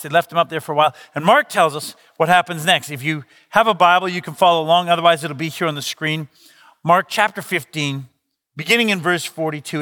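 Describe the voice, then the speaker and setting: A male pastor preaching with a high, bright voice and lively storytelling. His words ring out with a long reverb, as if in a large church hall. He is middle-aged and talks to the congregation in a casual, conversational way. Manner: conversational, animated storytelling with quoted dialogue. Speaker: lead pastor. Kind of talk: sermon with storytelling.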